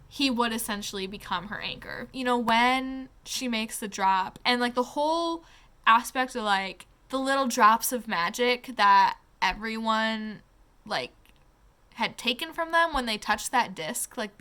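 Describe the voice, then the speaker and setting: A young woman with a high, bright voice chats through a casual book review, gushing and heavy on the word "like". She swears freely and sounds close to tears as she talks. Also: measured pace. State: tearing up.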